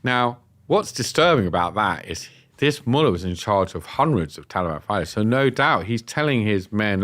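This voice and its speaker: Brief: English man, lower voice, podcast guest, lively anecdote teller. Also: moderate pace, hardly any pauses. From England. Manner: animated, acts out quoted dialogue. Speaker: guest telling his story. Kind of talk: casual storytelling. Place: podcast studio.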